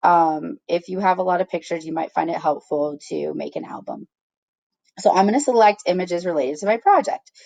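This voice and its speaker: A woman's voice: lowish voice, normal speed, gravelly, a little mellow, no room sound. A woman teacher giving a patient, step-by-step screen-recorded tutorial, checking in with her students as she goes.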